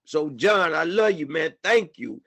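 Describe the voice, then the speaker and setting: A man's voice: a little high, lively intonation, unhurried, creaky, fairly bright tone. A man giving an impassioned personal testimony at a panel, repeating himself and often saying "man". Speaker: panel speaker.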